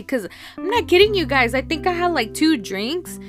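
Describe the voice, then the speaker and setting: A woman's voice: high voice, sing-song, normal speed. Chatty woman rambling over music. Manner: rambling, laughs often, many fillers. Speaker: podcast host. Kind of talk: casual solo podcast chat.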